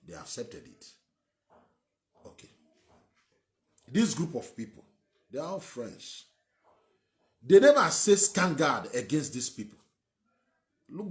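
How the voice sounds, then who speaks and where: Nigerian man, host, lively rising-and-falling delivery, repeats himself for emphasis, opinion piece. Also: medium pitch. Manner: emphatic, repetitive, rambling. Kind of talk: opinionated monologue.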